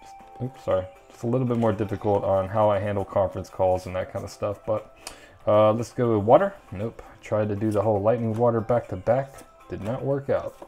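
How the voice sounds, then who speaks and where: A man's voice: lowish voice, steady tone, fairly quick, mellow, soft background music. A young man hosting a casual card-opening video, chatting and rambling with lots of ums and uhs. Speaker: channel host opening trading card packs.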